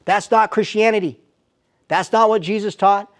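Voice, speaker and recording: A man's voice: sits high, steady tone, moderate pace. A man speaking as a Christian apologist, giving an emphatic live teaching talk in a church with rhetorical questions. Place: church sanctuary, before a live audience.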